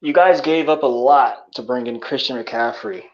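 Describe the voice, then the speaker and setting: A man's voice: medium pitch, moderate pace, gravelly, dry recording, dull audio. A man from Texas talking casually as a co-host, rambling and swearing with many fillers. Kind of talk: casual chat.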